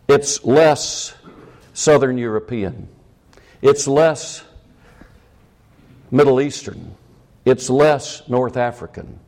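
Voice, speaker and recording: A man's voice: medium pitch, creaky, darkish tone. A middle-aged man preaching a sermon as pastor, with emphatic rising peaks.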